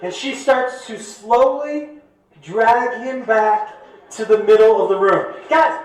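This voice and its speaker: A man with a very high voice telling a rowdy stand-up story on a club stage. He gets animated and shouts his punchlines over the crowd's laughter. His voice rings out with heavy room echo. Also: slow. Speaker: stand-up comedian. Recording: echoey comedy club from the stage.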